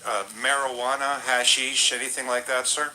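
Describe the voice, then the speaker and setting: Deadpan man making a prank call. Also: medium pitch, moderate pace, poor audio. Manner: deadpan, mock-official telemarketer tone. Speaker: prank caller.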